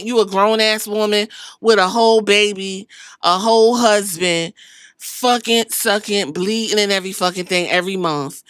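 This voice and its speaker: A woman's voice: medium pitch, fairly bright tone, dry recording, clean studio sound. A woman hosting a podcast, recapping wrestling in a sassy, profane storytelling way and acting out what the wrestlers said. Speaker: podcast host.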